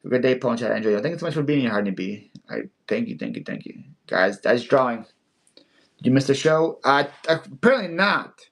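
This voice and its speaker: Guy running a live sale stream, bit of vocal fry, jokey, keeps tripping over his words. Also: medium pitch, lively intonation, a little fast, fairly bright tone. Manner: playful, laughs often, stammers and repeats words. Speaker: live online seller host. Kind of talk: casual livestream chat.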